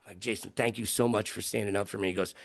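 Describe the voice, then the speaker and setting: A middle-aged man, a broadcaster, telling stories in an interview with lively quoted voices. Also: fast, creaky. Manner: lively, jumps into high-pitched quoted voices. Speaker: guest broadcaster. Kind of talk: animated storytelling in an interview.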